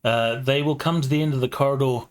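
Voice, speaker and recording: A man narrating a tabletop game as game master, in a relaxed way with many fillers. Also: medium pitch, fast talker, crowd noise.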